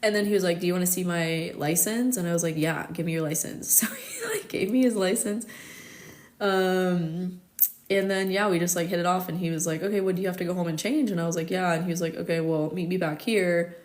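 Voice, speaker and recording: A woman's voice: on the low side, expressive, brisk, darkish tone. A thirty-year-old woman from the United States, chatting casually on a live stream and telling stories, with lots of "like" and frequent laughter. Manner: chatty storytelling, constant "like", laughs often. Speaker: astrologer hosting a live stream. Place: her home in Paris.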